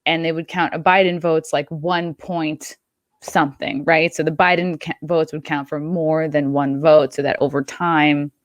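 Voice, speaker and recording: Chatty low-voiced young woman, dry sound. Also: steady tone, measured pace, dry recording. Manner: chatty, rambling storyteller with fillers. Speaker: podcast guest. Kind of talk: casual talk-show chat.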